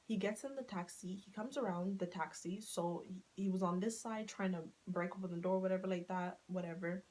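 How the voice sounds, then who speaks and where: A woman talks straight to her followers in a casual storytime. Her delivery is animated and full of swearing, and she keeps acting out the lines of the people in her story. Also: mid-range voice, a little fast, rough recording. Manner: animated, swears freely, laughing, acting out quotes. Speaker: storytime vlogger.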